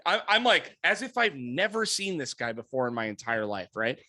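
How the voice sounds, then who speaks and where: A man on a podcast spins a story with a swooping, lively voice. His tone is bright and forceful. He swears freely, laughs often and acts out each person he quotes, close and dry on the mic. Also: medium pitch, normal speed, no echo. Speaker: podcast co-host. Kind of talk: casual storytelling chat. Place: podcast studio room.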